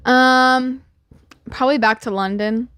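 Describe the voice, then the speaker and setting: A woman's voice: high-pitched, steady tone, fairly bright tone, clear, resonant tone, dry recording, clean studio sound. A teenage girl, arguing and joking sarcastically in a casual family chat. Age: teens. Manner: quick, argumentative, sarcastic. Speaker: host's daughter.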